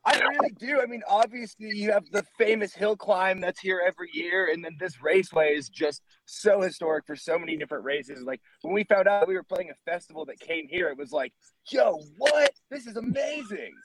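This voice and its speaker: A man's voice: high-pitched, fairly quick, hardly any pauses, fairly bright tone, no room sound, rough recording. A male musician guest in a casual interview, laid-back and enthusiastic with slangy talk.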